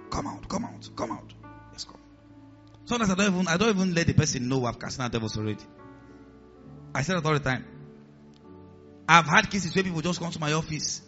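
A man's voice: high voice, sharp tone, dull audio. A man preaching a sermon as pastor, acting out voices in his stories and dropping to a hiss for commands. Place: church hall with a congregation.

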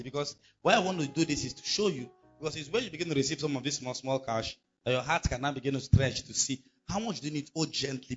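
A man's voice: medium pitch, dull audio. A male pastor, preaching a sermon emphatically and asking the congregation rhetorical questions.

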